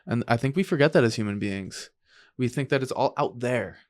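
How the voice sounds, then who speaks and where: Emotional podcast host, a man. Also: medium pitch. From upstate New York. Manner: emotional, halting, laughing through tears. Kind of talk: casual chat.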